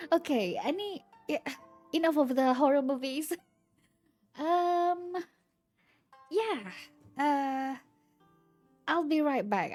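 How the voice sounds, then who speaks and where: Slow-talking young woman streamer. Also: on the high side, dark tone. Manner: halting, rambling retelling with many restarts. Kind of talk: casual chat to stream viewers.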